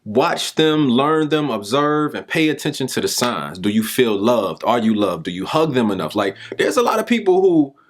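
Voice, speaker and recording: A young adult man giving a motivational talk, telling a story in an animated, informal way. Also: moderate pace, hardly any pauses. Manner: animated, informal, pitch jumps with emphasis. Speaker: speaker and mentor.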